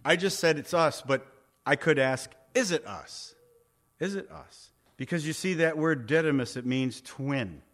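A man's voice: fairly high pitch, a little slow, a bit bright. A man preaching a sermon, conversational, often asking his listeners questions. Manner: conversational, asks the congregation questions. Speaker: pastor.

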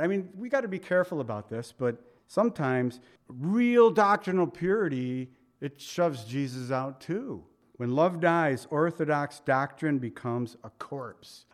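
A middle-aged male pastor preaching a conversational sermon, often putting questions to his listeners. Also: on the high side. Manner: conversational, asks the congregation questions.

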